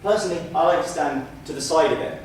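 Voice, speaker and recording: Man lecturing on a stage, far from the mic. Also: on the high side. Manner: demonstrates loud, soft, slow and fast delivery; wry asides. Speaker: public speaking trainer. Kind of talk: training speech to a live audience. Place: stage in a hall. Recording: echoey room, mic far off, faint noise.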